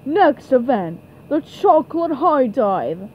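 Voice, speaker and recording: A woman voicing an excitable male sports announcer in a cartoon fan dub. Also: high-pitched, takes it slowly, lo-fi sound, a little hiss or hum, exaggerated voice. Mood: announcing. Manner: play-by-play commentary, exclamatory.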